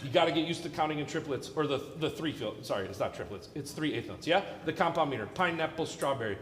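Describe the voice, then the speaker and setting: Rehearsing a student orchestra in a big hall, a guest clinician with a voice on the high side talks at a quick pace, playful and jokey as he counts and sings rhythms aloud. The distant recording is echoey, with the orchestra playing behind him and a little hiss or hum.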